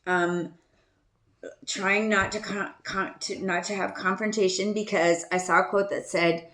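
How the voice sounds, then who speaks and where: A woman's voice: medium pitch, flat delivery, measured pace, a bit bright, reverberant. A woman hosting a podcast, telling a casual story in a chatty, self-deprecating way, laughing often and trailing off with ums. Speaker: podcast host.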